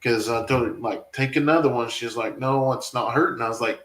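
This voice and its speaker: A man's voice: medium pitch, fairly quick, hardly any pauses, a bit bright, roomy sound, low-quality recording. A man, a family farm vlogger, rambling and emotional as he talks back to viewer comments in a casual live stream.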